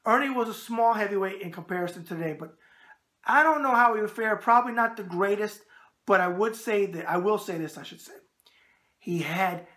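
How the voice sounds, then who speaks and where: Man, New York accent, boxing show host, brash, joking, bright forceful voice. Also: high-pitched, moderate pace. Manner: brash, wisecracking, repeats catchphrases. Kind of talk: casual show hosting, answering viewer emails.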